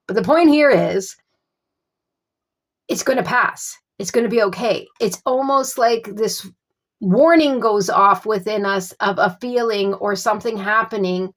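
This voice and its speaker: A woman giving a casual tarot reading. She gropes for words with many fillers and keeps offering calm reassurance. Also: medium pitch. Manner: reassuring, repeats soothing phrases. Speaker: tarot reader.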